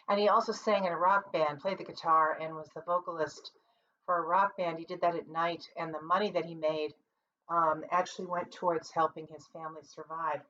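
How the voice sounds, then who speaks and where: A woman who is a music teacher and conductor, calmly explaining vocal technique in an online singing lesson, seated at her computer. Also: fairly low pitch. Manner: calm, explanatory, practical. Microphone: computer mic. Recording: distant, dull lo-fi computer audio.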